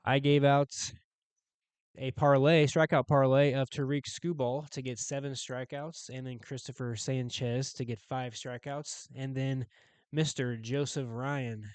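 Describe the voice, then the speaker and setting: Brief: male betting co-host, smooth resonant tone, dry close sound, laid-back stat talk. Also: medium pitch, a little slow, no room sound. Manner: relaxed, stat-heavy, filler "um". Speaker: sports betting podcast co-host. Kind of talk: casual sports betting chat.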